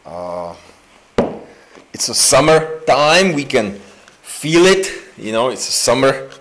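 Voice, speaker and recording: A pastor man preaches in a church, unhurried and loose. He jokes with the room, and his pitch rises and falls a lot. He fills gaps with frequent "uh"s and restarts. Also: big pitch swings, a bit bright. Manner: chatty and joking, with many fillers and slow restarts. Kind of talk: informal sermon. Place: church sanctuary indoors.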